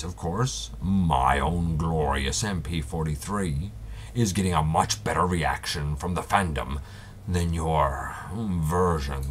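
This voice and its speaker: A man's voice: low-pitched, husky, heavily acted. A man voicing a pompous, scheming male robot warlord who talks in an over-dramatic, grandiose way for a stop-motion comedy.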